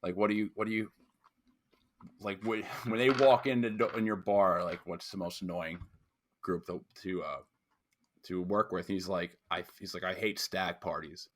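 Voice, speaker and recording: Give me a rambling, crude man from the United States, slightly low-pitched, talking casually on a podcast. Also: steady tone, normal speed. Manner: rambling, crude, full of restarts. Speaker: podcast co-host. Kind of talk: casual chat.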